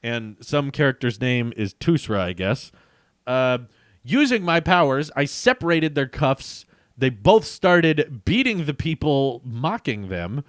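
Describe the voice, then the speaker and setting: A man's voice: mid-range voice, sing-song, measured pace, no room sound, studio quality. A young man reading his childhood comic aloud as a vlogger, with self-mocking, amused asides.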